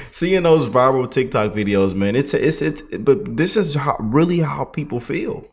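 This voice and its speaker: A man giving casual, animated political commentary with a mocking, excitable delivery. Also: mid-range voice, a little slow, vocal fry, few pauses.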